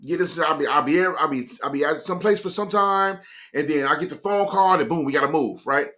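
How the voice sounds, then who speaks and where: A man's voice: a little high, pushed and bright. A man doing a brash carefree middle-aged guy. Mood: blurting. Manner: drawling, halting, full of fillers.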